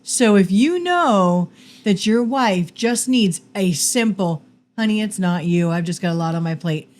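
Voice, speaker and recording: A woman's voice: medium pitch, animated, unhurried, a little mellow. A middle-aged woman co-hosting a casual marriage podcast with her husband, earnest and firm as she makes her case. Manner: earnest, firmly argumentative. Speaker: podcast co-host, pastor's wife. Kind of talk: casual marital chat.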